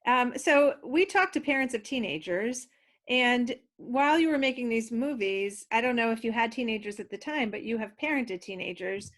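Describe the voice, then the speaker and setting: A woman's voice: fairly high pitch, lively intonation, moderate pace, a bit bright. A woman hosting an interview, asking encouraging questions in a conversational way. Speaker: interview host.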